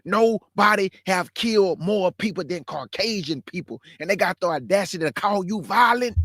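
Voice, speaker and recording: Fiery high-voiced man preaching to viewers. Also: expressive, moderate pace, a bit bright, dry recording, clean studio sound. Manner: fiery and preachy, repeats phrases, addresses listeners as family. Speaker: show host. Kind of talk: impassioned livestream commentary.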